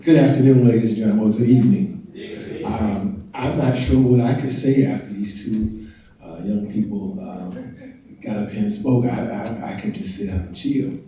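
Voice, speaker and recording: A man's voice: lowish voice, moderate pace, mellow, a little hiss or hum. An older man, a family historian, talking casually to an audience as a guest speaker, chatty and joking with the crowd. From North Carolina and Washington, D.C. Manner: chatty, self-deprecating, jokes with the crowd. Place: large event hall. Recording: echoey hall, mic heard from a distance.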